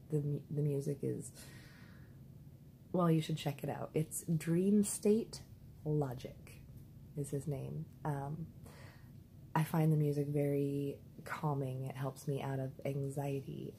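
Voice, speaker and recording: A woman talking through her dream journal in a rambling, casual way, repeating words and clearing her throat, with the hiccups. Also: low voice, mellow, slight background noise, rough recording. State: has the hiccups. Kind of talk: casual spoken diary.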